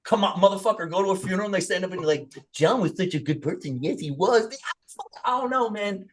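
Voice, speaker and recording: A man's voice: high voice, fast talker. A man co-hosting a podcast, chatting casually with lots of swearing and mock voices. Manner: animated, heavy swearing, slips into mock voices. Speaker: podcast co-host.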